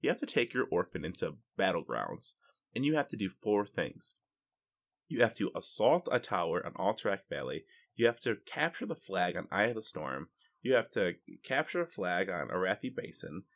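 A man co-hosting a gaming podcast, telling stories in an animated, jokey way. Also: deep voice, normal speed. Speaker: podcast co-host. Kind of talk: casual chat.

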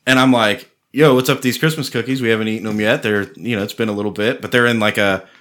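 A man's voice: fairly low pitch, steady tone, fast, fairly bright tone. A man chatting casually with friends, telling loose stories full of swearing and filler words. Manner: laid-back storyteller, swears freely, lots of "like". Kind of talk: casual chat.

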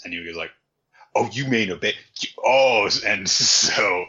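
A man's voice: lowish voice, measured pace, sharp tone. A man co-hosting a casual chat, giving laid-back commentary on a story. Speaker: podcast co-host. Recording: slightly dull, lo-fi sound.

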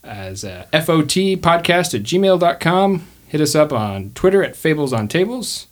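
A man's voice: on the high side, sing-song, normal speed. A man hosting a tabletop game podcast, talking in a playful, joking way. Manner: playful, jokey, slips into character voices. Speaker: podcast host and player.

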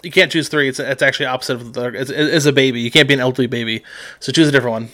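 A man's voice: medium pitch, steady tone, rapid-fire, sharp tone. A man hosting a casual podcast, playfully running a party game and laughing often.

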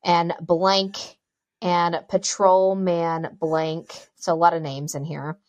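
A woman's voice: lowish voice, flat delivery, slow, darkish tone, no echo, lo-fi sound. A woman podcast co-host telling a spooky story in casual chat, joking asides and reading out an old news article. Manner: chatty, jokey asides, frequent ums.

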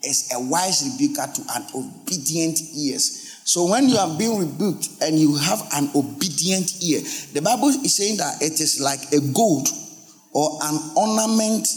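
Pastor preaching in a reverberant hall. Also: male voice, on the high side, a little slow, faint music behind. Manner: lively preaching with rhetorical questions to the congregation. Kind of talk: sermon.

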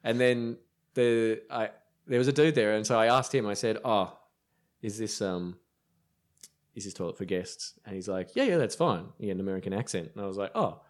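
On a podcast, an Australian man who works as a brewer rambles through anecdotes in relaxed chat, stumbling over ums and restarting often. His voice sits on the low side, and he speaks a little fast.

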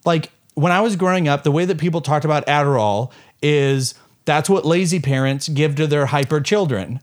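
A young adult man talking casually, telling stories in an animated way with quick asides. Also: on the high side. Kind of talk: casual chat.

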